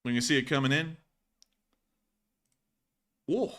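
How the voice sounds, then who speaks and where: A man with a bright, forward voice hosts a live stream, talking casually over video clips. He keeps it loose and jokey, slipping in puns between calls. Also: medium pitch, slow. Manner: joking, casual, chuckles at his own puns. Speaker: host of war news stream.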